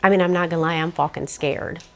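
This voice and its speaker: Scared woman describing a haunting; low, gravelly voice, rambling and swearing. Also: fairly even intonation, fast talker, a little hiss or hum. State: frightened. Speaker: homeowner reporting a haunting. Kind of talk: casual interview.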